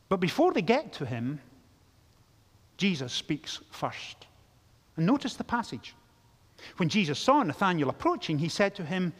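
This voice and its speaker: A man preaching a sermon as pastor, telling the story in a lively way and acting out the characters' lines. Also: on the high side. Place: large church. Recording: long church reverb.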